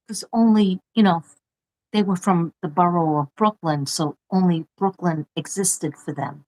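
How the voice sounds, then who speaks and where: Chatty New York woman, low voice. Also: a little slow, pauses often, a little mellow, poor audio. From Staten Island, New York. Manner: chatty, rambling, laughs often. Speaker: livestream host, former teacher. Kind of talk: casual livestream chat reading mail.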